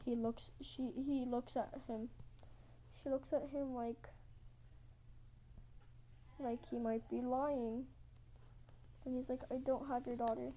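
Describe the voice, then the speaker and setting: A woman's voice: high voice, little pitch movement, takes it slowly, pauses often, warm tone, slight background noise, rough recording. A woman telling a made-up story casually while drawing, rambling with many restarts.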